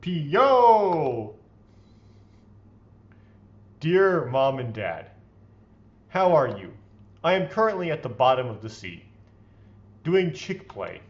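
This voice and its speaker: A man reads visual novel lines aloud with playful theatrical flair as the host of a let's play, mixing in his own remarks. His voice sits at an ordinary middle pitch. The home recording sounds dull and a bit lo-fi. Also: a little slow, long pauses, a little hiss or hum. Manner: expressive, playfully theatrical reading. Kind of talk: reading visual novel text aloud with commentary.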